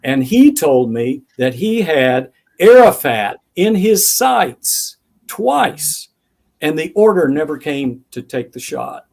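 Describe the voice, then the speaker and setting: A man's voice: a little high, very animated, measured pace, hardly any pauses, darkish tone. An older man, an author being interviewed, answering thoughtfully with anecdotes and acting out remembered dialogue. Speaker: author guest.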